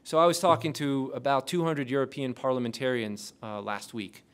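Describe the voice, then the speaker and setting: A man lecturing a class, quizzing the audience with rapid questions. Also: medium pitch, fairly even intonation, a bit bright. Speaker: lecturer on intelligence oversight.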